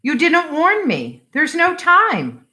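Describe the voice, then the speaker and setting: A woman giving voice to a bewildered middle-aged wife, full of short, doubtful questions. The tone is bright and the pitch moves lively, delivered at an unhurried pace. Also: exaggerated voice. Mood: startled.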